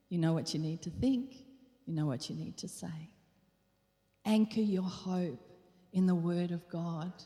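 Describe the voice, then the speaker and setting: A woman's voice: mid-range voice, a little mellow. A woman preaching a sermon in an earnest, questioning way, repeating phrases for emphasis. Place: church hall. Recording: long hall reverb.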